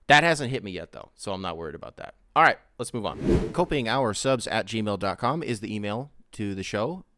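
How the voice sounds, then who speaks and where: A man's voice: lowish voice, fairly quick, background noise. Rambling young man hosting his podcast. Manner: animated, swings between loud bursts and mumbled asides; rambling, swears often, mimics voices in quotes. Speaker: podcast host. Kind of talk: casual solo podcast monologue.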